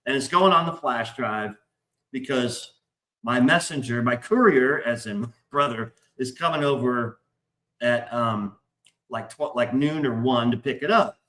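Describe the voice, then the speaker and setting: Excitable swearing middle-aged man. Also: medium pitch, measured pace. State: stressed, hyped up. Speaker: podcast host. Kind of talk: casual storytelling.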